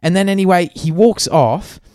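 A man's voice: sits high, moderate pace, mellow, clear, resonant tone, no room sound, studio quality. A young Australian man hosting a podcast, telling a story in casual chat with lots of swearing and fillers. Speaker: podcast co-host.

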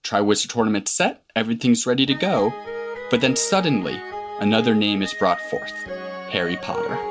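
A woman's voice: very deep voice, expressive, normal speed, over music. A woman co-hosting a casual book discussion podcast, summarizing the plot in a conversational way with asides. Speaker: podcast co-host.

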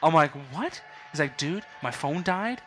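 A man's voice: on the high side, expressive, a little slow, faint music behind. A young man from Canada telling a long story casually, swearing a lot and acting out quotes. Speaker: podcast guest.

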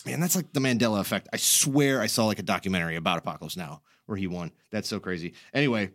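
A man's voice: on the low side, quick pace, fairly bright tone, dry recording, studio quality. A man hosting a podcast in casual chat, rambling through stories, laughing often and swearing casually. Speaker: podcast host.

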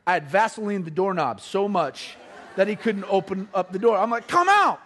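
A man's voice: high-pitched, moderate pace. A middle-aged man telling a comic family story to an audience, acting out the voices of his relatives. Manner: animated, acts out family members' voices.

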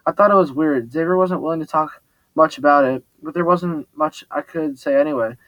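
Male storyteller reading in first person, slightly high voice, dry close sound, small stumbles. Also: brisk, no room sound, highs cut off. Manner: plain reading with small slips and restarts. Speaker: audiobook narrator.

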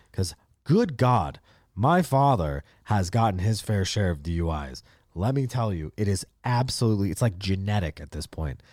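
In a dry, studio-quality recording, a man in his late twenties with a lowish voice hosts a podcast. He tells stories in an animated, swear-filled, casual monologue, acting out the people he quotes.

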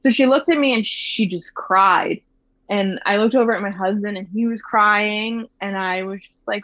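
A woman in her thirties tells a personal story in a soft, reflective voice, often pausing and restarting. Her pitch sits mid-range. The recording sounds a little dull and muffled, with a dry, close sound. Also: no room sound. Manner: soft, reflective, with many fillers. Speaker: mother telling her birth story.

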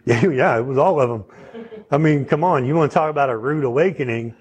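A man's voice: mid-range voice, fast, husky. A man preaching a sermon in a conversational teaching manner, often checking in with his listeners. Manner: conversational teaching, asks the audience questions.

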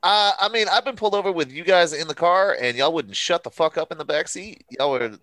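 A man in casual chat with friends, telling animated stories and swearing freely. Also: fairly high pitch, fairly quick, no room sound.

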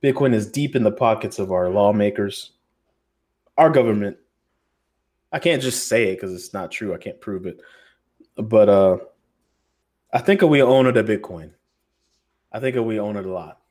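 A man's voice: lowish voice, normal speed, long pauses, a little mellow. An American man co-hosting a podcast roundtable, talking in a loose, joking, profane, rambling way. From United States. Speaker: podcast co-host. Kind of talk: casual roundtable chat.

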